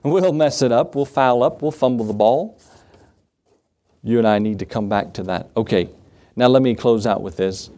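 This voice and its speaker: A man's voice: medium pitch, moderate pace, dark tone. A male pastor delivering an evening sermon to a small congregation. His voice climbs and presses forward whenever he acts out a pleading prayer, then settles back into plain teaching as he reads the verses aloud. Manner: impassioned preaching, rising for quoted prayers. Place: small church.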